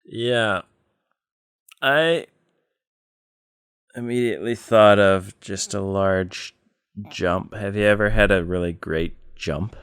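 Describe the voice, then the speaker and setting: A man co-hosting a podcast, telling plain, unhurried stories with many fillers in casual chat. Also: on the low side, fairly bright tone, smooth, dry recording, clean studio sound. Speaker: podcast co-host.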